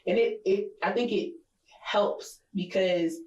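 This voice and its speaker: A woman co-hosting a podcast, telling a personal story in blunt, profane casual chat, getting animated when she quotes people. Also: mid-range voice, slow pace, echoey room, dull audio. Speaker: podcast co-host.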